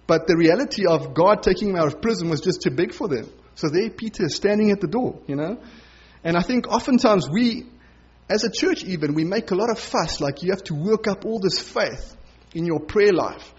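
A man's voice: high-pitched, animated, fairly quick, a little mellow, breathy edge, highs cut off. A male pastor giving a conversational sermon, acting out the voices of the people he quotes.

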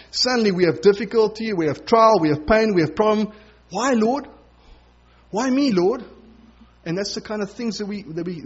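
Male pastor, casual sermon, husky voice, lo-fi sound. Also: high-pitched. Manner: conversational, acts out quoted voices.

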